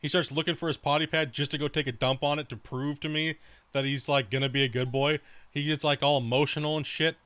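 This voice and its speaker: A man's voice: a little high, flat delivery, fast talker, fairly bright tone, clean tone. A young man streaming a game, chatting casually, rambling and swearing freely as he rants. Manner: rambling, profane, ranting. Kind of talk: casual chat during a live stream.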